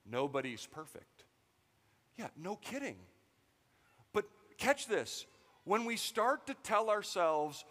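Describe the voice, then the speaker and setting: A man preaching a sermon as pastor, animated and joking as he tells stories to the congregation. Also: high voice, in a large hall.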